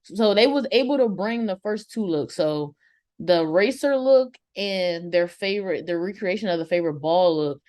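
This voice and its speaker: Animated slangy woman co-host. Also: lowish voice, normal speed. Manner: animated, slangy, laughs often. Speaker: co-host of a TV review show. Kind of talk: casual review chat.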